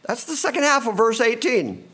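A man with a fairly high voice preaching a sermon as a pastor. His pitch swings widely as he preaches, and he sometimes acts out confused voices from the passage. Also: moderate pace, breathy edge. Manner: animated preaching, acting out disciples' confused voices.

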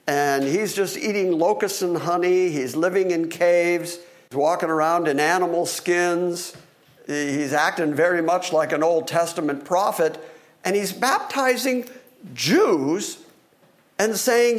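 Man, pastor, sermon, high voice, very lively pitch, animated delivery. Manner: animated, acts out voices of questioners.

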